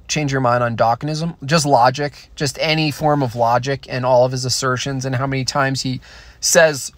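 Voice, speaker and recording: A man's voice: a little high, a bit bright, no echo. Blunt, opinionated man answering questions. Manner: blunt, opinionated, with frequent restarts. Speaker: content creator answering viewer questions. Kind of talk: casual stream Q&A.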